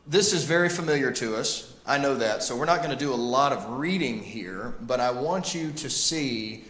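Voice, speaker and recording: A man teaching a Bible class, talking to the group in an animated, emphatic way. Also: mid-range voice, moderate pace. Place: church classroom. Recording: echoey room with long reverb.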